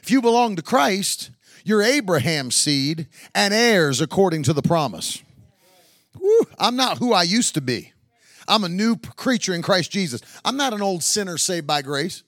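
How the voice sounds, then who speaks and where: A man preaching a sermon. He swings from chatty, joking stretches up to shouted, sing-song peaks full of woos and hallelujahs. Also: sits high, very animated, normal speed, no echo, studio quality.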